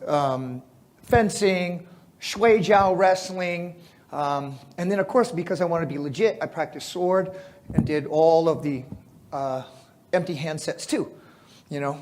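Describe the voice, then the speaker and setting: A middle-aged American man with a high voice tells stories to a live crowd. He laughs often and talks in animated bursts full of fillers and restarts. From United States. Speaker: speaker at a fitness symposium. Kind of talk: storytelling talk to a live audience.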